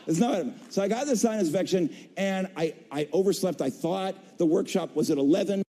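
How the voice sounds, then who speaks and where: A man's voice: high voice, a little fast, warm tone. A middle-aged man, a voice actor on a convention stage, tells his career story with playful, self-mocking humor and acts out the people he quotes. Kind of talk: animated storytelling to a live audience. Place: convention stage in a large hall. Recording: long reverb of a large hall.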